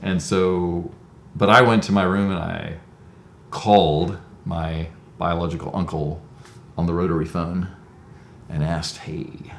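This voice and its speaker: Low-voiced guy in his 50s talking thru his past, reflective, lots of ums, echoey room. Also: level tone, a little slow, gravelly, a little hiss or hum. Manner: reflective, conversational, many "um"s. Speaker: interviewee. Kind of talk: personal storytelling.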